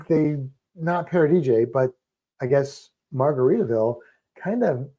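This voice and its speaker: Mellow-voiced man chatting on a livestream. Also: on the high side. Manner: relaxed, rambling, halting with fillers. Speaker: livestream co-host. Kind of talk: casual chat.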